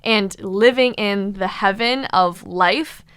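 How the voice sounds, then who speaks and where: Gushing, bright-voiced young woman host. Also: mid-range voice, slow, clean tone. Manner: gushing, enthusiastic, emphatic. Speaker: podcast host. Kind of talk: casual chat.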